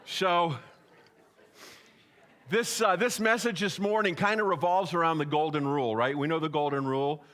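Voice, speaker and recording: A man's voice: a little high, normal speed, a bit bright. A man, a pastor, preaching a sermon in a church in a folksy, joking way, speaking straight to the congregation. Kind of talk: sermon with jokes. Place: church sanctuary.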